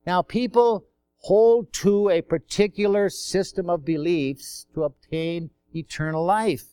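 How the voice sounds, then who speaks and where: High-voiced man preaching a sermon. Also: unhurried, dark tone, clear, resonant tone, no echo, clean studio sound. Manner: conversational preaching with rhetorical questions and acted-out quotes.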